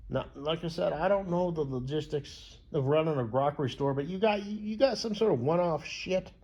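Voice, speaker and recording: A man's voice: on the high side, moderate pace, mellow, muffled recording. A young American man telling a rambling, profane story with lots of fillers and restarts. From United States. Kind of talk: casual rambling monologue.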